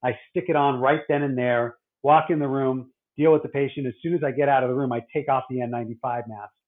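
Rambling doctor on a tinny line. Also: male voice, mid-range voice, steady tone, fast. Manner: rambling, many restarts and fillers. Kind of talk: casual podcast chat.

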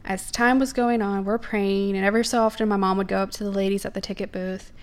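A woman's voice: mid-range voice, fairly even intonation, fast. A young woman, telling personal faith stories in an earnest, emphatic way.

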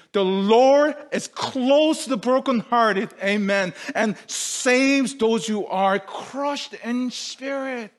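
A man's voice: high voice, fairly bright tone. A man preaching a sermon, earnest and repetitive, asking the congregation questions and sometimes dropping to a near whisper. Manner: drops to a near whisper at times. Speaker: pastor.

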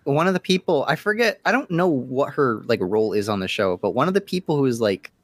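A man co-hosting a casual podcast, telling stories with animated asides. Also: mid-range voice, fairly quick, no room sound. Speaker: podcast co-host. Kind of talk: casual chat.

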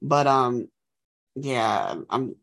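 A woman co-hosting a podcast in casual chat, telling stories animatedly and acting out quotes in high voices. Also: very slow, creaky, fairly bright tone. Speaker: podcast co-host.

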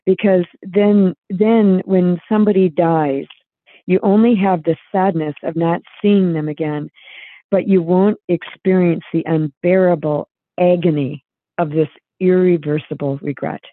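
A woman's voice: on the low side, fairly even intonation, unhurried, no room sound. A woman guest author telling a personal story in an earnest, reflective way, with many restarts, heard over a remote call line. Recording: tinny phone-line sound.

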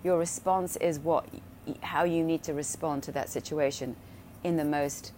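A woman's voice: sits low, fairly even intonation, moderate pace, dark tone, a little hiss or hum. A woman in casual spiritual talk, blunt and profane, often checking in with "right?" and "you know". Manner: blunt and profane, acts out quoted voices.

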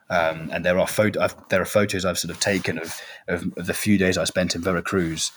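A man telling a personal travel story in an animated, halting way, full of restarts. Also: low voice.

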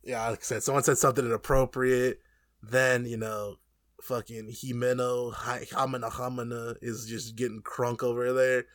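A man casually recapping an anime episode with friends, animated and profane, laughing often. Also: mid-range voice, moderate pace, dry recording, clean studio sound.

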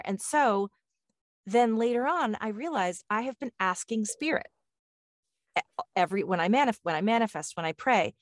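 A woman hosting a casual chat, telling a story in a lively way and acting out the dialogue she quotes. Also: medium pitch, normal speed, long pauses, dry recording, clean studio sound.

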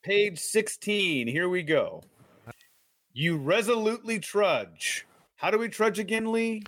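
A man with a fairly high, lively voice reads a choose-your-path story on a live stream, breaking off for playful jokes. His pitch swings widely as he talks. The recording is dry and close. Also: a little slow, no echo. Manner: animated and jokey, playful asides. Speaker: co-host reading aloud. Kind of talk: casual live-stream read-along.

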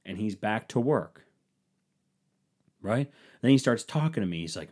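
A man telling a crude, animated comic story about laying a floor, acting out his friends' lines in low mumbles. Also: a little slow. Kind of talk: profane comedic storytelling.

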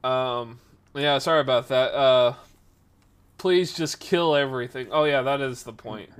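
A clear, resonant mid-range voice belongs to a man in his twenties who speaks a little slowly. He casually recounts a rambling story on a podcast stream, animated and full of fillers.

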